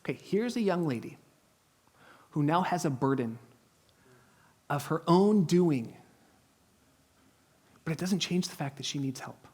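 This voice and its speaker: Thirtysomething pastor guy preaching, chatty and funny, voice sits a bit high. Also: expressive, unhurried, pauses often, slightly rough. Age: 30s. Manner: conversational, humorous, drops to a hush in the story. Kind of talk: sermon with storytelling. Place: church.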